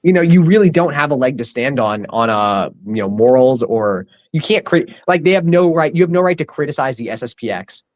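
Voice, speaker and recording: A man's voice: medium pitch, expressive, fairly quick, hardly any pauses, darkish tone, poor audio. A man co-hosting a casual podcast, rambling with many fillers and frequent laughs. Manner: rambling, lots of "like" and "you know", laughs often. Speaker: podcast co-host, doctor.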